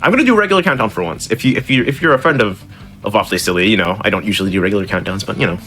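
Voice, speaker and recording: A man's voice: on the low side, lively intonation, very fast, a bit bright, faint music behind. Giggly rambling male speedrunner. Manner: laughing, rambling, self-mocking. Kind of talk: casual commentary while playing.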